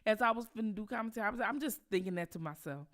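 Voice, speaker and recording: A woman's voice: medium pitch, expressive, very fast. A woman from Detroit with a Detroit accent, hosting casual commentary, emphatic and outraged, repeating herself for effect. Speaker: commentary channel host.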